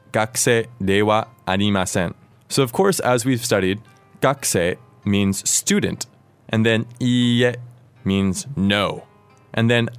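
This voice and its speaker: Host: American man, lowish voice, clear patient teacher, dry close sound. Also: dry recording. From United States. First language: English. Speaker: language course host. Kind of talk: explaining Japanese grammar.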